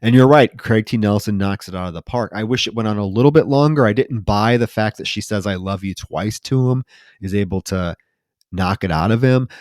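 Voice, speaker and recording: In casual movie recap chat, this podcast co-host acts out lines as he retells scenes, his speech heavy with fillers. He speaks briskly in a fairly low, slightly mellow voice, recorded with no echo.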